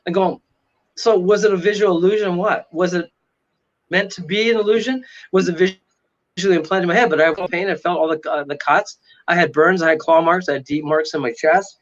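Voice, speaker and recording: A man telling a dramatic story in an animated way during a casual interview, often asking "right?". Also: high-pitched, fairly quick, muffled recording. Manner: excitable, dramatic retelling with frequent "right?". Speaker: paranormal investigator guest.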